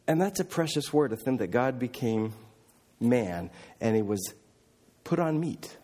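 A middle-aged man preaching a sermon as a missionary, telling stories earnestly and emphatically, often dropping quiet and then rising again. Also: mid-range voice, animated, a little slow. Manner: earnest, emphatic, with restarts and swings from loud to quiet. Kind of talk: sermon storytelling.

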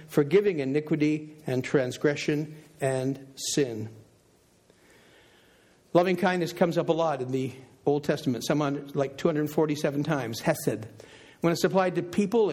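A man preaching a sermon, emphatic, repeating phrases for weight and slowing on key words. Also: a little high, darkish tone. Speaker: pastor.

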